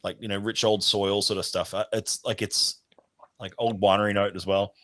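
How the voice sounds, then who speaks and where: A man's voice: fairly low pitch, flat delivery, moderate pace, a bit bright. An Australian man hosting a casual online whisky tasting, rambling and searching for words with lots of fillers over a video call.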